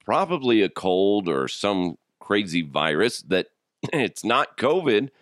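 Man in his 30s with a cold, solo podcast host; low, lively, crude and jokey, dry close mic. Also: slow, dry recording. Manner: jokey, crude, laughing often. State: sick, rough throat. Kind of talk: casual solo podcast chat.

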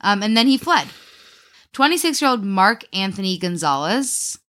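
A woman's voice: mid-range voice, big pitch swings, moderate pace, a bit bright. A woman co-hosting a podcast, telling a true crime story in casual chat, with frequent fillers like "um" and "like". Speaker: podcast co-host.

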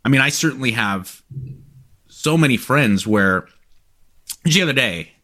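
A man in his forties co-hosts a casual chat. His pitch moves a lot as he talks, and he jokes in an animated way. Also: measured pace. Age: 40s. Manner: animated, joking, profane. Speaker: co-host.

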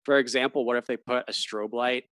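A man's voice: mid-range voice, fairly even intonation, a little fast, fairly bright tone, no echo. Chatty man hosting a casual podcast. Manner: chatty, laughs often, trails off mid-thought. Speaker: podcast host. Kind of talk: casual chat.

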